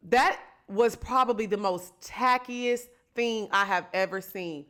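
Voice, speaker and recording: A woman's voice: mid-range voice, a little slow, fairly bright tone. A woman hosting her own podcast, giving chatty, sassy gossip commentary and talking straight to her listeners. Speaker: podcast host. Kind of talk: solo reality-TV gossip commentary.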